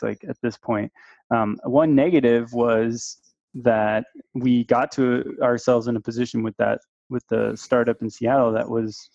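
A man who owns a digital agency, speaking as a guest in a measured, reflective way. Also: mid-range voice, creaky, a little mellow, no echo. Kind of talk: casual business chat. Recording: dry, dull-sounding mic.

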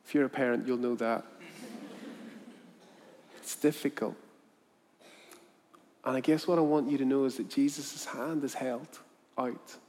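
A man preaching a sermon, telling a story and acting out its voices, then speaking quietly in appeal to his listeners. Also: mid-range voice, fairly even intonation, measured pace, long pauses. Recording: long hall reverb.

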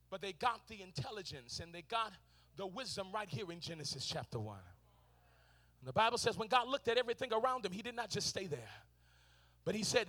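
Male preacher with a high voice, middle-aged, builds to shouted, sung-out lines with lots of "uh" fillers, in a church. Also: lively intonation, brisk. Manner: call-and-response preaching, shouting and singing out lines; frequent "uh" fillers. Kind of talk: sermon. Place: church sanctuary.

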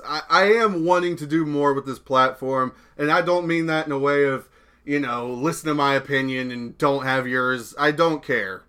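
A man's voice: fairly high pitch, sharp tone. A young man hosting his own podcast, talking alone in a laid-back, rambling way and swearing casually. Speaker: podcast host. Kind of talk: casual solo podcast talk.

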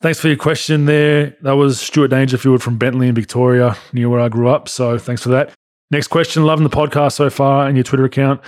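An Australian man hosting a podcast, relaxed and blunt as he reads out listener questions and chats. His voice sits at an ordinary pitch for a man. The sound is close and dry with no room around it. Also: a little fast, dry recording. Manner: laid-back, blunt, swears casually. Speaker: podcast host, former pro basketball player. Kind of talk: casual podcast chat, reading listener questions.

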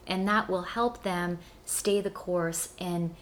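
A woman co-hosting, speaking earnestly and quickly in an uplifting tone. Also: lowish voice, steady tone, a little hiss or hum. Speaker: co-host, meditation teacher. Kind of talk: casual conversation.

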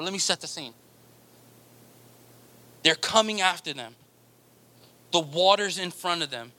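A man preaching a sermon as pastor, emphatic and animated, firing rhetorical questions at the congregation. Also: high voice, unhurried, pauses often.

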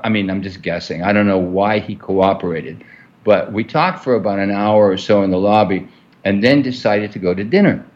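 During an interview, a man whose voice sits on the low side spins a lengthy story, full of fillers and restarts and wandering as he goes. The audio has its high frequencies cut off.

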